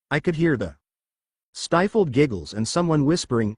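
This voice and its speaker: A man narrating a humorous fan fiction story in a lively reading voice. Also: mid-range voice, normal speed, no room sound, clean studio sound.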